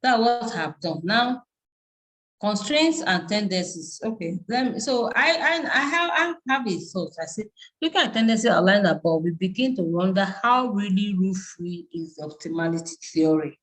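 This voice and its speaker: A woman with a Nigerian English accent giving a live online university lecture, reading out terms haltingly with frequent restarts and fillers. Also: mid-range voice, animated, low-quality recording.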